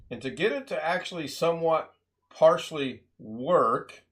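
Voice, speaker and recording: A man's voice: fairly high pitch, a bit bright. Chatty, laughing streamer man. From United States. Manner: chatty, laughs often, rambling asides. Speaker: live stream host. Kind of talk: casual live stream chat.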